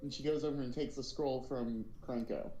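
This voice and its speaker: A man's voice: mid-range voice, steady tone, brisk, warm tone, echoey room, soft background music, low-quality recording. A man running a tabletop role-playing game as dungeon master, narrating casually with many ums and uhs. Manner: casual, filler-heavy narration.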